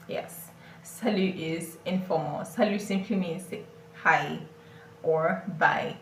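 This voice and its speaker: A woman teaching a beginner French lesson, explaining slowly and deliberately and often checking that listeners follow. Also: medium pitch, echoey room, far from the mic, slight background noise, rough recording. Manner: slow, deliberate explaining with repeated check-ins.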